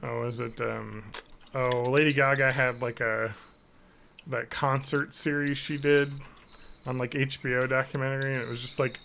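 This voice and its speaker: A podcast host with a rough, gravelly edge to his mid-range voice. He rambles through casual chat and cracks jokes while gaming on a live stream. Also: mid-range voice, level tone, moderate pace, bright, forceful tone, a little hiss or hum.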